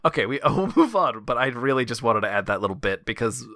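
A man's voice: medium pitch, very animated, quick pace, sharp tone, no room sound, studio quality. A man co-hosting a podcast in casual chat, swearing constantly and laughing between lines. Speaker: podcast co-host.

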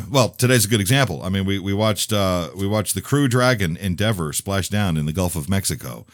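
Man, radio host, very low voice, rambling, blunt, many restarts. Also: moderate pace, no echo, clean studio sound. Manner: blunt and opinionated. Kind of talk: casual monologue.

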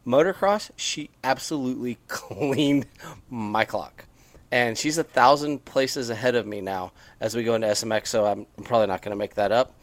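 A man's voice: medium pitch, moderate pace, dry recording. A man co-hosting a casual motocross podcast, chatty and rambling with frequent restarts. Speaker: podcast co-host. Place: on a porch.

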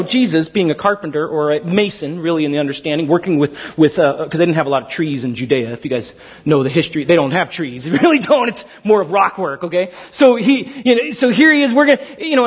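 Animated man preaching a sermon. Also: sits high, slightly rough, highs cut off. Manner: animated storytelling, acts out biblical figures. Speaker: pastor.

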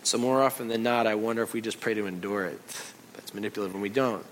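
A male pastor preaching a sermon in an animated way, acting out other people's voices and reactions. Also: fairly low pitch, fast, a little hiss or hum, rough recording.

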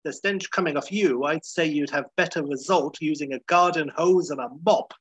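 A man putting on a shrill, whiny, exasperated middle-aged man who squawks his protests. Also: moderate pace, slightly rough. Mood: indignant.

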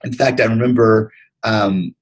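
A man from Detroit talks as a podcast guest, his voice somewhat low and a little husky. He speaks earnestly and reflectively, circling back and restarting phrases as he thinks. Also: fairly even intonation, unhurried, low-quality recording. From Detroit, USA. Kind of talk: candid interview conversation.

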